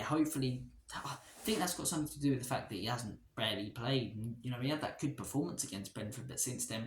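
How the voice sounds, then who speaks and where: Chatty football fan in an echoey room. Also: male voice, medium pitch. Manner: chatty, opinionated, rambling. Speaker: football fan channel host. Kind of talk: casual match reaction and player ratings. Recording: echoey room with faint noise.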